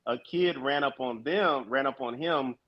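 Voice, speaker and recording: A man's voice: medium pitch, a little slow, muffled recording. Insistent man setting the record straight. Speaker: panelist. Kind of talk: live-stream panel talk.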